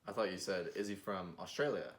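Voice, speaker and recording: Low-voiced young man cracking jokes. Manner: laughs often, throws in quick jokey interjections. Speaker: podcast co-host. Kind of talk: casual chat.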